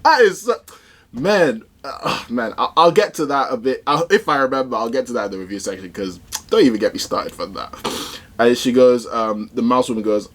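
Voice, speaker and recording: A man at a middling pitch talks through a comic chapter in a casual, excited way. He rambles, trails off and drops slang and fillers as he reacts. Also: brisk. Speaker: manga reaction vlogger.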